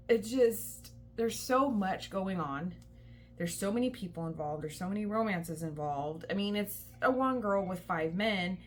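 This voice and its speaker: Chatty young mom vlogging about books. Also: female voice, medium pitch, slight background noise. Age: young adult. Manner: chatty, rambling, many likes and ums. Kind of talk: casual vlog chat.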